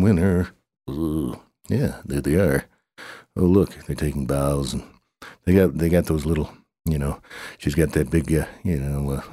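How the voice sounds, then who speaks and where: A man improvising a playful story, rambling and excitable, with grunts, humming and race-call cheering. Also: very deep voice, no echo, clean studio sound.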